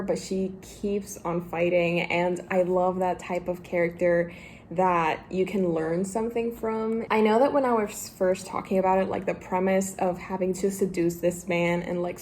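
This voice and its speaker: A young woman book vlogger chatting casually to camera, gushing and excitable, often laughing. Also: lowish voice, a little hiss or hum. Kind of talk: casual vlog chat to camera.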